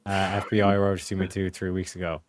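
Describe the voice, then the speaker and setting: A young man casually reading old case transcripts aloud to friends, halting with fillers and swearing. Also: sits low, completely flat delivery, noisy background. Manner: profane, halting, reads with fillers. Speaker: host reading case files.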